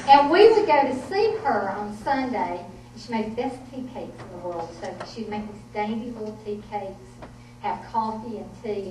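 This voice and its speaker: Middle-aged Southern woman, author at a podium, folksy humorous storyteller; roomy, distant sound. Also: mid-range voice. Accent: Southern American. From Southern United States. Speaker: author giving a talk. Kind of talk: storytelling talk. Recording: echoey room, distant mic, faint noise.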